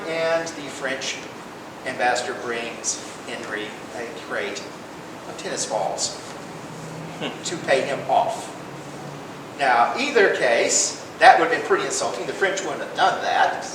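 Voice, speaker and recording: A man's voice: big pitch swings, unhurried. Man lecturing casually in an echoey room. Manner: conversational, paraphrases history in everyday talk. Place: public library lecture room. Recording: echoey room, distant mic, rumbling noise.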